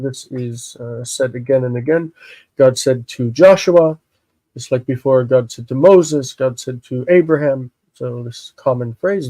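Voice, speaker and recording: A man with congested sinuses, slowly explaining a Bible text in a live lesson, halting and thinking aloud with many fillers. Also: mid-range voice, mellow, no echo, poor audio. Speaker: Hebrew teacher.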